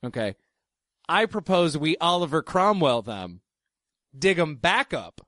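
A man's voice: fairly high pitch, sing-song, unhurried, fairly bright tone, no echo, clean studio sound. A man co-hosting a podcast, making sarcastic jokey asides. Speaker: podcast co-host. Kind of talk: casual podcast banter.

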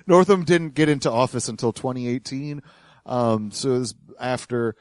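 A man's voice: medium pitch, normal speed, a little mellow, no echo, clean studio sound. A man hosting a podcast in casual commentary, sarcastic and full of hesitant fillers. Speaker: podcast host.

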